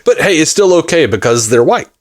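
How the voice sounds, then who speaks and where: A man's voice: on the high side, very animated, brisk, noisy background. A man co-hosting a casual podcast, reading listener mail aloud and joking with a trailing, self-deprecating manner. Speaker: podcast co-host.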